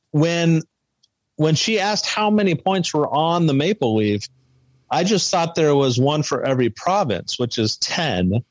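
A man's voice: fairly high pitch, no echo, low-quality recording. A man co-hosting a podcast, recapping in casual chat with many ums and uhs. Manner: hesitant, filler-heavy recapping. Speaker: podcast co-host.

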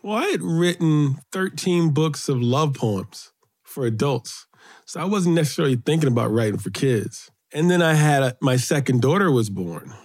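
A middle-aged man from Brooklyn, New York, guest in an interview, telling childhood stories in an animated way, his voice lifting when excited. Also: normal speed. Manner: animated storyteller, rises in pitch when excited. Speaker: guest, children's author and poet. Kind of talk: storytelling interview.

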